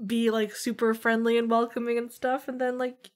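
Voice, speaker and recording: A woman playing a tabletop game, pitching ideas casually with many fillers. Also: little pitch movement, normal speed. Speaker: player.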